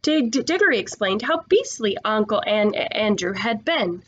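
A woman's voice: medium pitch, lively intonation, normal speed, highs cut off, slight background noise. Woman reading a children's book, stumbling over words. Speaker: narrator.

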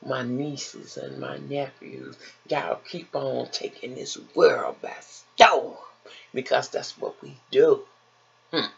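An older woman vlogging in a slow, soothing, motherly way, calling her listeners baby and honey. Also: a bass voice, steady tone, gravelly, breathy edge. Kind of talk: encouraging vlog talk. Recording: dull lo-fi home recording with faint noise.

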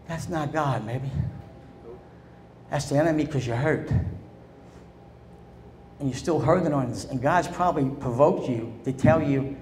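A man's voice: medium pitch, darkish tone, roomy sound, slight background noise. A man preaching a sermon as pastor, calling for responses from the congregation and acting out quoted voices. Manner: preachy call-and-response, asking the congregation to answer. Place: church sanctuary.

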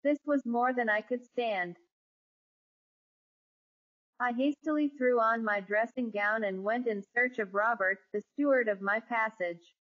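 A woman narrating a classic ghost story in a measured, even storytelling manner. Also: a little high. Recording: dull lo-fi recording.

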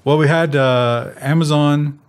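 A man's voice: on the high side, fairly even intonation, clean tone. Joking man co-hosting tech news. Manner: joking, mock-corporate asides, quick banter. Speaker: news show co-host. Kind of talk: casual tech news chat.

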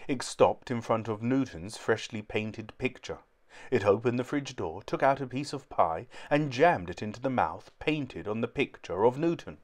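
A man reading a children's book aloud in a clear, steady storytelling manner. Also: medium pitch.

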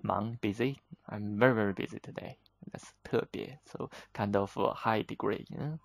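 Man, low gravelly voice, very slow patient explaining, dry close sound. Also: poor audio. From China. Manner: unhurried, patient, slips between English and Chinese with frequent fillers. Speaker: Chinese teacher. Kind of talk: explaining vocabulary in a lesson.

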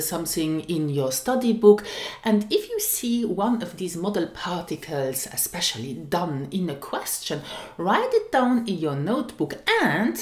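A woman teaching a language lesson, speaking slowly and carefully and repeating each example phrase. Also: medium pitch, a little mellow, reverberant.

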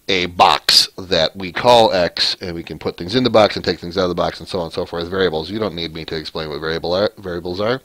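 A man with a low voice hosts a casual programming tutorial, thinking aloud as he works. He rambles, restarts his sentences and corrects himself. He is recorded dry and close, with keyboard typing heard behind him. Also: pushed and bright, no room sound. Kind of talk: casual screencast coding lesson.

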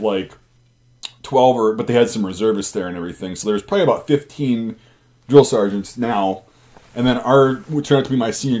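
A man's voice: mid-range voice, darkish tone. A man hosting his channel, casually telling army stories in a rambling, profane way. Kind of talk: casual storytelling.

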